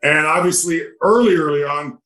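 Older retired hockey guy rambling through road stories, animated, slightly high voice. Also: normal speed, poor audio. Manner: animated, rambling anecdotes with quoted dialogue. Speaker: retired hockey player, guest. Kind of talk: storytelling in a podcast interview.

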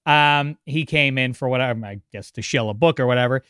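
Bright, crisp-voiced man joking. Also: medium pitch, dry recording, clean studio sound. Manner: quick, joking, breaks into laughter. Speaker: podcast co-host. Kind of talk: casual chat.

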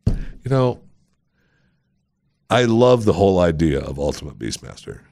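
A man's voice: low-pitched, sing-song, a little slow, creaky, a little mellow. Wry man hosting a podcast. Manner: wry, self-deprecating, joking asides. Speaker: podcast host. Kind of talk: casual solo podcast chat reading listener reviews.

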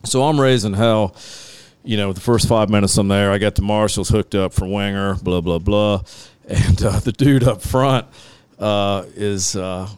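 Middle-aged man, rambling storyteller, swears freely, smooth clear voice, dry sound. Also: fairly low pitch, steady tone, a little slow, a little mellow, no echo. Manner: rambling, swears freely, laughs at his own stories. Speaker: guest, live sound engineer. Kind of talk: casual storytelling on a podcast.

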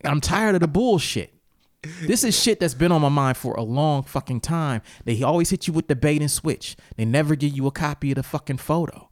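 Animated, profane man ranting. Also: a little high, brisk, no room sound, studio quality. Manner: profane, animated storytelling with heated outbursts. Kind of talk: casual ranting chat.

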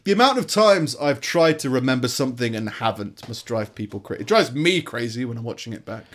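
A man's voice: mid-range voice, animated, a little fast. Rambling British man, chatty and laughing. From Britain. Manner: rambling, searches for words, laughs often. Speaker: podcast co-host. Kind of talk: casual chat.

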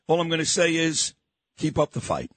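A man hosting a talk radio show, brash, fast and emphatic. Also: on the high side, sing-song, a bit bright, no room sound. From New York. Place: radio studio.

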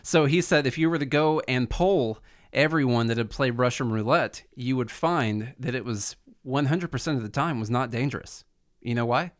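A man of middling pitch explains his views in a loose podcast conversation. He leans on fillers like "um" and "like". He picks up speed when he retells an example. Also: moderate pace. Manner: explanatory, filler-heavy, speeds up telling stories. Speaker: podcast co-host. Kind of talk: casual political podcast chat.

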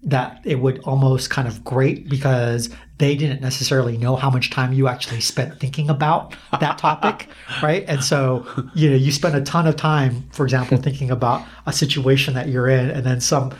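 A man talking in a relaxed, reflective way on a podcast. He laughs easily and swears casually. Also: medium pitch, normal speed, husky.

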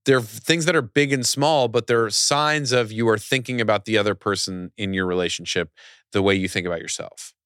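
A man's voice: lowish voice, a little fast, a bit bright, smooth, dry recording, studio quality. A middle-aged man chatting as a podcast guest, rambling with many restarts and fillers. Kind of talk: casual podcast conversation.

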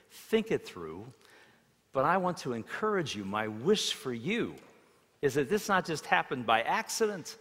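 A man delivers a sermon with a very lively, animated pitch that swings between loud emphasis and near-hushed delivery. His stories carry acted-out quotes. The voice rings with the long reverb of a large hall. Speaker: preacher.

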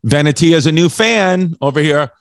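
A man's voice: fairly high pitch, expressive, moderate pace, dry recording. A man from New York with a New York accent, a comedian hosting a podcast, rambling in a joking way and repeating his words. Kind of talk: casual podcast chat.

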